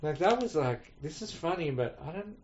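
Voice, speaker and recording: A man's voice: a little high, animated, normal speed, darkish tone. A man chatting casually as co-host, rambling and acting out quoted voices. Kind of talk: casual chat. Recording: muffled lo-fi recording.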